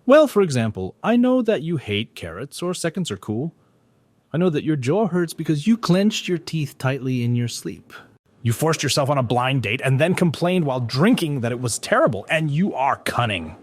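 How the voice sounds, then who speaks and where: Man playing an earnest teenage boy, raised pitch, pleading, eager, dry sound. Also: sing-song, moderate pace, no room sound. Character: earnest anxious teenage boy, younger brother.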